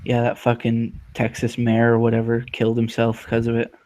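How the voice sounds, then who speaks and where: A man's voice: medium pitch, monotone, moderate pace, darkish tone. A young man chatting casually in an online lobby, making crude jokes and swearing. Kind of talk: casual chat.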